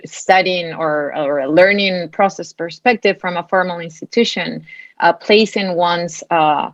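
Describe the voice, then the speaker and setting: A woman answers on a panel in a fairly low voice, stopping, restarting and repeating words as she thinks aloud. The recording is dull and lo-fi. It sounds dry and close. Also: dry recording.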